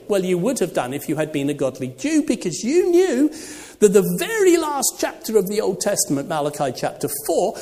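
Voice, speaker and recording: A preacher giving a sermon, animated and full of rhetorical questions to the congregation. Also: medium pitch. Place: church. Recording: long reverb of a church.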